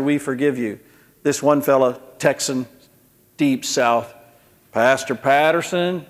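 Animated storytelling pastor in a reverberant hall. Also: male voice, on the high side. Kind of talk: sermon with storytelling.

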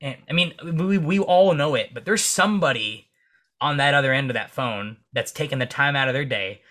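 Bright-voiced, lively man telling stories. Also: normal speed. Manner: energetic storyteller who swears freely; acts out dialogue in comic high voices. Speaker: police officer and podcast guest. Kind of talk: casual interview chat.

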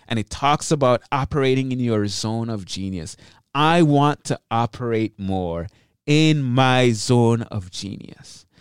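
Guy doing a solo podcast, chatty and all over the place, smooth clear voice, kinda high, dry close sound. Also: measured pace, no room sound. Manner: energetic, rambling, self-interrupting. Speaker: podcast host.

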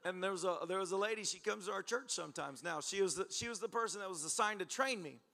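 A man's voice: sits high, fast, creaky. A male pastor preaching to a church congregation, telling stories with laughter and acting out conversations. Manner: animated, laughing storyteller who acts out exchanges. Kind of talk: sermon with storytelling. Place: church service.

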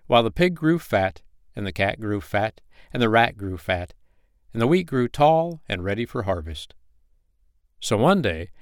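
Male bedtime-story narrator, gentle and expressive, animated pitch, dry close mic. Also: no echo. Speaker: podcast storyteller.

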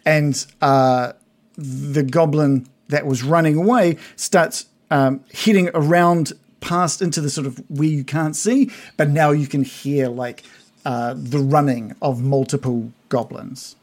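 A man's voice: fairly high pitch, steady tone, takes it slowly. A man running a tabletop game, narrating scenes loosely with many fillers. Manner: rambling descriptive narration with fillers. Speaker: game master.

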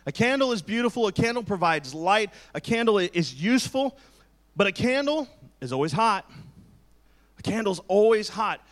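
Man, pastor, forties, higher-pitched, conversational sermon, joking and candid. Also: a bit bright.

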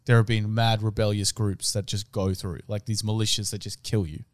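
A man's voice: lowish voice, flat delivery, normal speed, no echo, studio quality. A young man co-hosting a casual chat, talking in a loose, slangy way and swearing freely.

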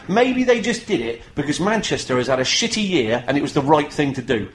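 Male podcast host, fast and animated, slightly higher voice, faint noise. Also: roomy sound, low-quality recording. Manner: fast, animated, swears freely. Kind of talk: casual wrestling podcast chat.

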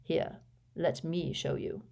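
A woman voicing a cold, sneering male professor in an audiobook reading, speaking in a slow, dismissive, cutting manner. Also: low voice, fairly even intonation, vocal fry, warm tone, heavily acted. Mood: cold disdain.

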